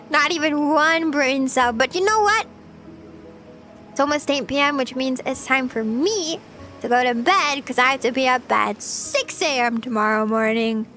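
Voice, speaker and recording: A woman's voice: high-pitched, sharp tone. A young woman streaming casual chat, playful and chatty, often giggling as she reads her chat. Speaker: VTuber streamer.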